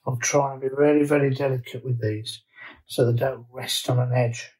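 A man's voice: medium pitch, fairly even intonation, normal speed, a little mellow, rough recording. A man vlogging from his garden, chatting casually and thinking aloud with fillers and restarts. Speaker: allotment vlogger. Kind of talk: casual chat to camera.

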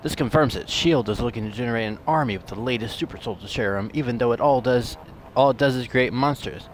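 A man's voice: medium pitch, fast talker, slight background noise. A young man hosting a casual let's-play, cracking jokes to himself and swearing as he plays. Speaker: gaming channel host.

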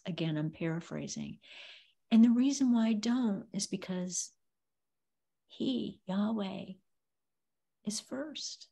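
A woman hosting a casual preaching stream, talking in a loose, conversational way and filling her pauses with little phrases. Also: medium pitch, creaky, mellow, husky. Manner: conversational, drawn-out, leans on filler phrases. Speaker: ministry host.

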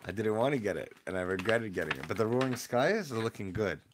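A young man hosts a livestream from his room at home, his voice sitting a little low. He keeps up relaxed, slangy chatter with his viewers. Every so often he breaks from quiet mumbling into a sudden loud yell. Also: fast, background noise. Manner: laid-back slangy banter with chat. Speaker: livestream host opening card packs. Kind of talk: casual livestream chat.

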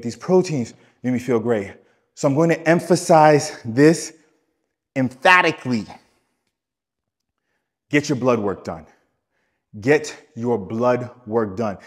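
A man talking as a wellness coach on a podcast, emphatic, repeating his key points and speaking straight to the listener. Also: medium pitch. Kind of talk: podcast teaching talk.

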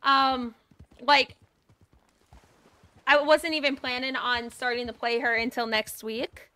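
A woman streamer chatting casually and excitably on a live stream, swearing now and then. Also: high-pitched, slow, clean tone. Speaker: livestreamer.

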